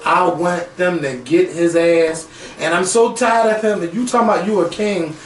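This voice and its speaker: A man co-hosting a casual chat, talking in an animated, excitable, profane way. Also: high voice, normal speed. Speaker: podcast co-host. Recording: echoey room, voice from a distance, faint noise.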